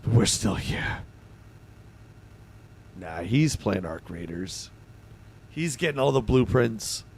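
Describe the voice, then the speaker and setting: A man hosting a livestream in casual chat, his voice hoarse and gravelly, bantering excitably with his viewers. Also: on the low side, takes it slowly, pauses often, slight background noise. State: hoarse, voice going. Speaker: livestream host.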